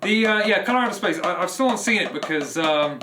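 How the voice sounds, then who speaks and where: Man, streamer, casual rambling chat, higher-pitched voice, echoey room. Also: expressive, brisk, noisy background. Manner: rambling, with frequent restarts and fillers. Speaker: streamer and drummer. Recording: echoey room with loud drumming behind.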